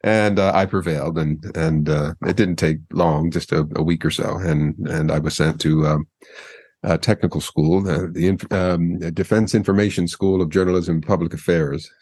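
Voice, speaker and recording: This former news anchor, an older man from the United States with a Mid-Atlantic broadcast accent, speaks as a relaxed interview guest. His low, husky voice has a darkish, steady tone and a moderate pace. He trips over words and laughs readily, with no echo on the recording.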